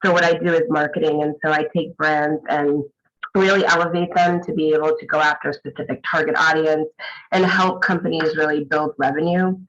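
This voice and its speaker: A man speaking on a video call panel in a groggy morning voice, reflective and hesitant with many pauses. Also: on the high side, fairly bright tone, highs cut off. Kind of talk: casual video call talk.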